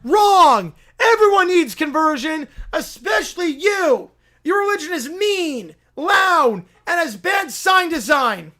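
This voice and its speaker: A man's voice: very high-pitched, very animated, takes it slowly, sharp tone, voice pushed up, full character voice. A man voicing a self-righteous male preacher of a silly pizza religion who shrieks and rants in constant indignation. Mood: ranting outrage.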